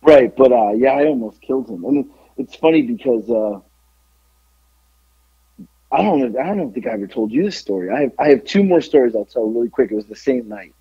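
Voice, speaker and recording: Animated, profane storytelling man. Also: mid-range voice, fairly quick, breathy edge, no echo, lo-fi sound. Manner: animated, profane, acts out quotes in raised voice. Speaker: podcast guest, former pro wrestler. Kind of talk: casual storytelling.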